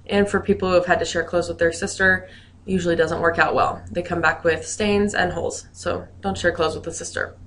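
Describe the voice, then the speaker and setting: A woman's voice: lowish voice, steady tone, a little fast, a bit bright, slight background noise. Friendly woman teaching a grammar lesson. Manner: friendly and explanatory, with joking asides. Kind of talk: recorded grammar lesson podcast.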